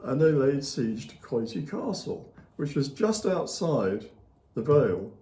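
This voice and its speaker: Mellow-voiced man telling a long story. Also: medium pitch, sing-song, measured pace. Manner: rambling anecdotal retelling with many fillers and chuckles. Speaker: author and interview guest. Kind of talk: casual storytelling conversation. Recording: echoey room.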